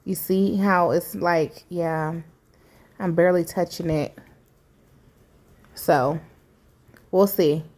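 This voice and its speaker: Low-voiced woman chatting through a DIY fix. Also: fairly even intonation, slow, pauses often, darkish tone. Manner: candid, chatty, with many fillers and "you know"s. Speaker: vlogger. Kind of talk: casual DIY vlog narration.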